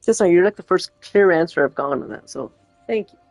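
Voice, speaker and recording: A woman's voice: fairly low pitch, lively intonation, quick pace, vocal fry, darkish tone, no echo, soft background music. A woman chatting casually while streaming a game, rambling and laughing often. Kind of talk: casual chat while gaming.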